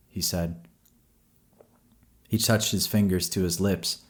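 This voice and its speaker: A man narrating a horror story in a slow, measured storytelling voice. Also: low voice, steady tone.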